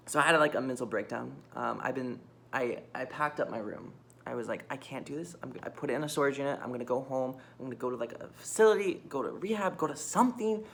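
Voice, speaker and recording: A woman's voice: rumbling low, lively intonation, fast, gravelly. A young woman talking candidly into her phone camera in a mostly empty room, rambling with restarts, swearing and nervous laughs. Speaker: vlogger. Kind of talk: candid personal confession.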